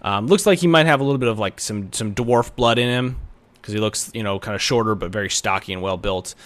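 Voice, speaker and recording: A man's voice: on the low side, a little fast, a bit bright. A man narrating a tabletop game as game master, rambling with many fillers.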